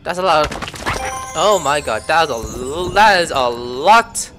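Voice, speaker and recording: A man casually commenting on a video game as he plays, muttering his thoughts and then jumping up into startled exclamations. His voice swings widely in pitch. Soft game music plays underneath. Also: measured pace. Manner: excitable, thinking aloud, sudden surprised outbursts. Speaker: gameplay commentator. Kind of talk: casual let's-play commentary.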